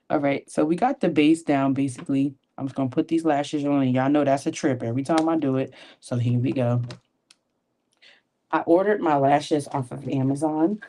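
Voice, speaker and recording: Low, warm-voiced woman chatting at her vanity. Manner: animated and encouraging, folksy asides. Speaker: beauty vlogger and sales consultant. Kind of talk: chatty motivational talk while doing makeup. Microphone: tablet camera at her vanity.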